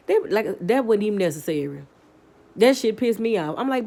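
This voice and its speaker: A woman vlogger launches into a heated opinion rant, blunt and swearing constantly, often restarting her sentences as she gets worked up. Her mid-range voice is mellow, swings widely in pitch, and moves fairly quickly.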